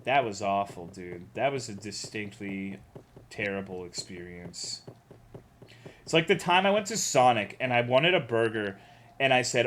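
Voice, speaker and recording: A man's voice: mid-range voice, animated, unhurried, fairly bright tone. A young American man streaming a game, chatting casually and ranting with lots of swearing while reading chat aloud. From United States.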